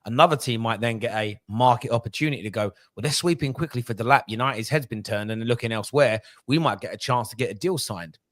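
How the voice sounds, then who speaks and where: A man hosting a football fan podcast, talking in an animated, ranting way and swearing freely. His voice sits at an ordinary middle pitch. The sound is dry and close, with no room echo. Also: fast talker, few pauses. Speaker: podcast host. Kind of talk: casual football podcast chat.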